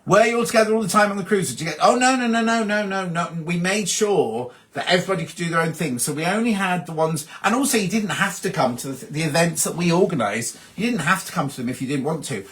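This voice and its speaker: A man's voice: high-pitched, expressive, fast talker, hardly any pauses. Chatty man reading viewer comments. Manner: chatty, reads out comments and answers them warmly. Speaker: host. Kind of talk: casual live-stream chat reading viewer comments.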